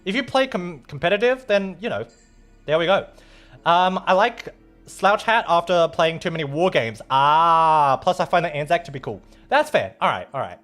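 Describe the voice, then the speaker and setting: A man's voice: fairly high pitch, expressive, moderate pace, fairly bright tone, faint music behind. A man with an Australian accent streaming, chatting casually and playfully as he reads out viewer messages, rambling and swearing now and then.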